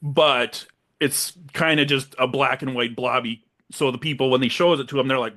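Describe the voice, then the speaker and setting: A young man co-hosting a casual movie podcast, retelling scenes with animated quick silly voices. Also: mid-range voice. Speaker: podcast co-host.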